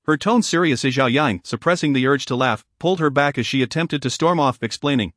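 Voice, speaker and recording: A man giving steady, smooth audiobook narration of a romance novel. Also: mid-range voice, fairly quick, hardly any pauses, no echo, clean studio sound.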